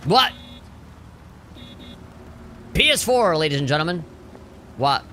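Male game streamer, bright voice, a little high, jokey and profane, faint hiss behind. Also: sing-song, slow. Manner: laughing, swearing, joking reactions. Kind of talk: casual gameplay commentary.

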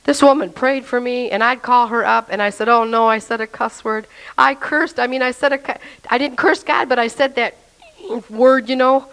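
A woman's voice: fairly high pitch, steady tone, normal speed, fairly bright tone, poor audio. A woman telling her personal faith testimony in an earnest, emotional way, speaking straight to the listener.

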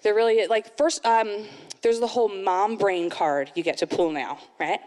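A woman in her thirties performing a stand-up comedy set, animated, jumping into sudden high put-on voices. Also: normal speed, in a large hall. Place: live comedy event venue.

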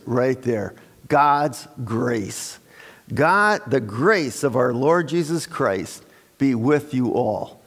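A man preaching a Sunday sermon as pastor, unhurried and folksy, with restarts, fillers and joking asides to his congregation. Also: on the high side. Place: church sanctuary. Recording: long church-hall reverb.

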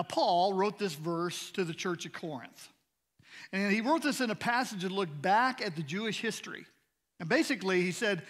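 A man's voice: high voice, expressive, normal speed, fairly bright tone. A man in his sixties, a guest preacher, telling a folksy, joking story in a sermon and checking in with the congregation. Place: church sanctuary. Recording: long church hall reverb.

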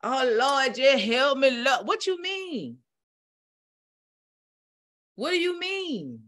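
This is a high-pitched woman, a spiritual teacher whose sermon rises in fervor until she turns to guiding a calm, slow meditation.

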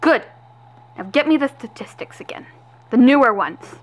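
Girl doing a cold bossy lady boss, barks orders, kinda high voice. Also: animated, normal speed, poor audio. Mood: commanding. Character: stern female project boss, cold and commanding. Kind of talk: amateur doll-video voice acting.

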